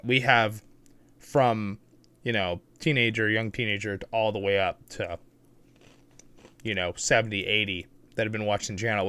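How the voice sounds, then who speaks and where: A man's voice: medium pitch, fairly bright tone, dry recording. Chatty man hosting a livestream. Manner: chatty, greets viewers by name, laughs often. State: morning voice. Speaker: livestream host. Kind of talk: casual livestream chat.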